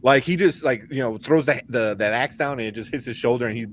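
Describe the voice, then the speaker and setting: A man's voice: medium pitch, quick pace, slight background noise. A man co-hosting a podcast, chatting casually and retelling movie scenes with lots of fillers. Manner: rambling, retells movie scenes with quoted voices. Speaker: podcast co-host. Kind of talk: casual chat.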